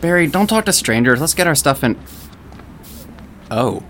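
A man's voice: fairly high pitch, very animated, moderate pace, fairly bright tone, a little hiss or hum. A man doing Princess, a sarcastic foul-mouthed musician. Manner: sarcastic, blunt, swearing.

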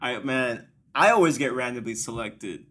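A man's voice: mid-range voice, lively intonation, normal speed, fairly bright tone. A young man co-hosting a podcast, telling stories bluntly with plenty of swearing, "dude" and "bro". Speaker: podcast co-host. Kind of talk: casual storytelling chat.

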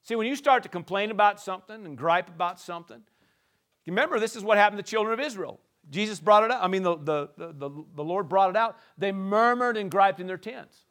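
A man preaching a sermon in an animated, playful way, swinging from soft asides to shouting. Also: sits high, quick pace. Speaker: pastor.

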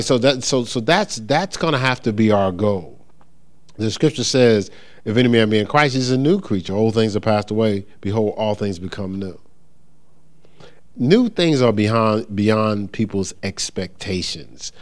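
A middle-aged man teaching a church congregation in a relaxed, conversational way, acting out the voices of churchgoers and checking in with his listeners. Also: fairly low pitch, measured pace. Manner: animated, acts out voices of churchgoers and callers; conversational with frequent check-ins. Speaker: pastor teaching. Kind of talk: informal church teaching talk.

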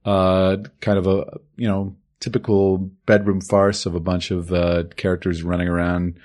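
A man co-hosting a podcast, calmly summarizing and explaining an old film in casual talk. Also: deep voice, normal speed. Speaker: podcast co-host.

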